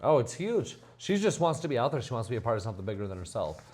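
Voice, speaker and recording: A man's voice: medium pitch, big pitch swings, racing, darkish tone. A man who coaches college volleyball, answering interview questions with enthusiastic praise.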